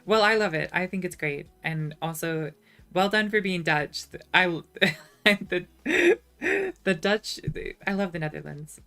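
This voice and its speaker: A woman's voice: on the low side, measured pace, sharp tone. A woman chatting casually on a livestream, reading chat messages and answering with sarcastic asides. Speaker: streamer reading live chat.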